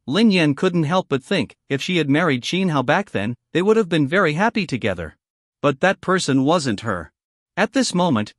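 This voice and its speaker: A man's voice: on the high side, dry recording. Guy reading a story recap, bouncy up and down delivery, dry close sound. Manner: reads every character's lines in his own voice. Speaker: narrator. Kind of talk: scripted story narration.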